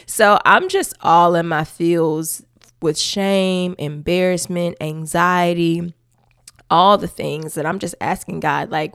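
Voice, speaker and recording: A woman sharing her faith story in a lowish, gravelly voice, talking expressively and emphatically and breaking into laughter often. Her voice sounds dry and close, with no room echo. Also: slow pace. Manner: expressive and emphatic, with church-style asides to listeners. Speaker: podcast host sharing her testimony. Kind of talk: personal faith testimony, conversational.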